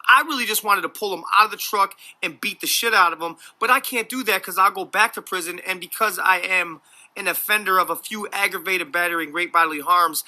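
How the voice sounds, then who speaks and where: A man's voice: high voice, fairly quick, pushed and bright. A man in his forties from the United States telling a combative story in a profane, mocking rant. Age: 40s. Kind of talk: ranting storytelling.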